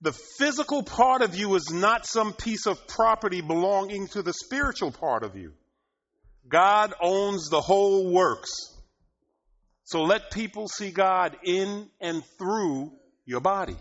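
A man preaching a sermon, often laughing and rising to loud, emphatic bursts, in a dull lo-fi recording. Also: sits high, expressive, a little slow.

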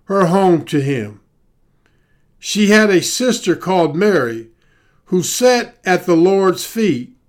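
A man pastor preaching a podcast sermon, building emphasis through repetition and dropping to a soft, low voice for prayer.

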